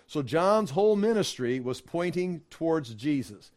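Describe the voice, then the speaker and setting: A man teaching a casual Bible study, acting out the dialogue in his own voice and laughing as he gets animated. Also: on the high side, unhurried.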